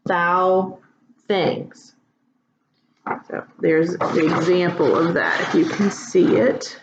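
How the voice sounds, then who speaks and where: A woman teaching a writing lesson in a casual, relaxed way, with lots of ums and asides. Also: lowish voice, measured pace, background noise. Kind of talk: casual classroom instruction. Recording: echoey room, dull lo-fi sound.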